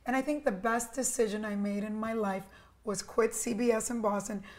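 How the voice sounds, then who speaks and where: A middle-aged woman from Cuba, raised in New Jersey, with a New York accent, telling her story as an interview guest in a lively, emphatic way. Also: fairly high pitch, fairly quick. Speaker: interview guest, media executive. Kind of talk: casual conversational interview.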